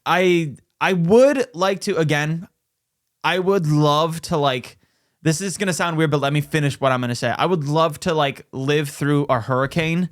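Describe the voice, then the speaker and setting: A man's voice: on the high side, normal speed, no echo, studio quality. Laid-back, cursing young podcast host man. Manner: laid-back, swears often. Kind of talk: casual chat.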